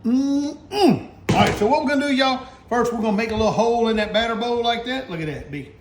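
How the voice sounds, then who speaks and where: A man with a Louisiana accent showing how he fries catfish, calling out to viewers with excited exclamations. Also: very high voice, fairly quick, a little hiss or hum. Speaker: cook and channel host. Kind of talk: cooking demonstration. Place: store kitchen.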